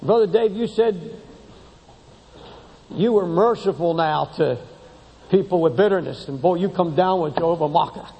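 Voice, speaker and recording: A man preaching a sermon to a congregation, impassioned and emphatic, often rising high as he drives a point home. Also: moderate pace, pauses often, muffled recording, slight background noise. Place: large church sanctuary. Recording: long hall reverb in a church.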